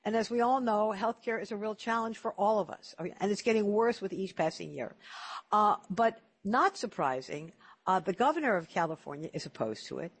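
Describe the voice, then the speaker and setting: A man's voice: sits high, lively intonation, normal speed, fairly bright tone, slightly rough. Chatty man hosting an interview. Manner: chatty, repeats words when starting sentences. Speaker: interview host. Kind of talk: casual storytelling interview.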